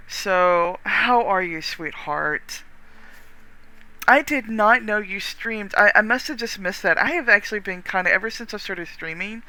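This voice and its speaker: A streamer with a Texan accent, chatting casually with viewers while gaming, rambling warmly with lots of restarts and the odd swear. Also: mid-range voice, clear, resonant tone, no echo.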